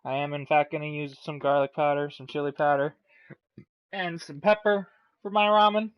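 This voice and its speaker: A man's voice: a little high, fairly even intonation, moderate pace, smooth, highs cut off. A man hosting a casual cooking vlog, rambling and swearing as he talks through each step. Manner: rambling, profane, chatty.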